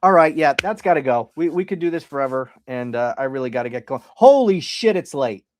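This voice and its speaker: A man's voice: a little high, lively intonation, a little fast, noisy background. A man hosting a podcast livestream, talking casually, swearing freely and mixing jokes with serious points. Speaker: podcast host.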